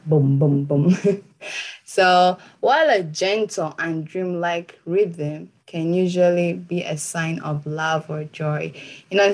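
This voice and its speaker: A woman giving an informal Christian teaching talk, chatty and laughing often, with many fillers. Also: lowish voice.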